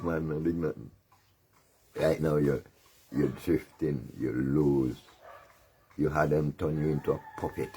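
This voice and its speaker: A man's voice: very deep voice, darkish tone, slight background noise. A man with a Caribbean creole accent hosting a commentary show, taunting and lecturing his target in a sermonizing way, often laughing. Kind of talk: mocking political commentary.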